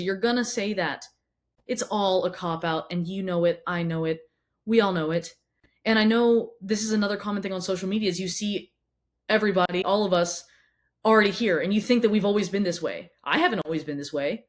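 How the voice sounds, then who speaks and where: Woman fitness coach, quick-fire blunt motivational talk, swears, repeats words, hits the listener with questions. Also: mid-range voice. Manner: asks rapid questions straight at the listener. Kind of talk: motivational monologue to camera.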